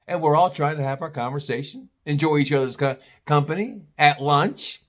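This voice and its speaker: A man's voice: a little high, normal speed. A man telling an exasperated, profane story as a vlogger, with sarcastic asides.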